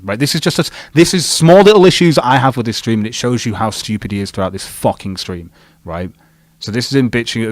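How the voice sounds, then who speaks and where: A man hosts a livestream, talking fast and loose, swearing freely and mocking the person he is discussing. His voice sits at an ordinary pitch. The sound is dry and close, with no room around it. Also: no room sound. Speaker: livestream host. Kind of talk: profane casual livestream chat.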